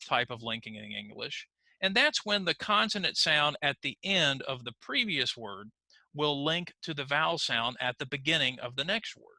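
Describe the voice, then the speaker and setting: Bright-voiced man teaching pronunciation. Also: on the high side, no echo, poor audio. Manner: slow, clear modeling of words for learners to repeat. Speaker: ESL teacher. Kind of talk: online pronunciation lesson. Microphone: computer mic on a screen recording.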